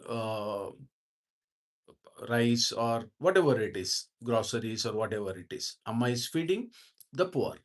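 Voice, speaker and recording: A man leads a devotional book study at a measured, unhurried pace. He reads a line and then goes back over it in plain words, hesitating and restarting as he works through it. His voice sits at an ordinary middle pitch. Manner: slow, repetitive explaining with many fillers and restarts. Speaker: spiritual teacher reading and explaining a book.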